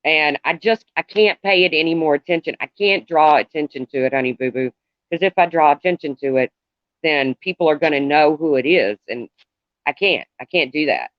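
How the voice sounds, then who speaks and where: A middle-aged man talking to viewers on a live stream in a halting, rambling way, calling out commenters by name. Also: on the high side, dry recording. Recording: dull lo-fi, dry sound.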